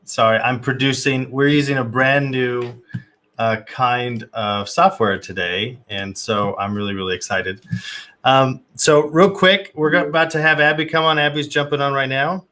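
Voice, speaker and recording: Bright-voiced guy hosting a live stream, chatty and upbeat, lots of ums. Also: mid-range voice, steady tone, normal speed. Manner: upbeat, filler-heavy, greets viewers by name. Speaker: host. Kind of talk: livestream welcome, casual chat.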